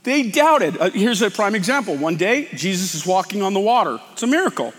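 A man's voice: high voice, sing-song, a little fast, a bit bright, long reverb tail. A man preaching a sermon as pastor, talking in a conversational, emphatic way.

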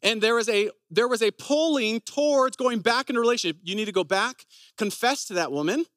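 A man with a notably high speaking voice delivers a sermon, weaving personal stories into earnest, conversational teaching. The sound is close and dry, with almost no room around it. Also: animated, a little fast, fairly bright tone, no echo. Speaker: preacher.

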